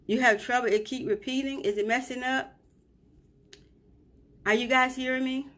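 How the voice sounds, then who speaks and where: A woman's voice: sits high, fairly even intonation, normal speed, a bit bright. A grieving mother live streaming from a hotel room, retelling events emotionally and often checking in with "right?".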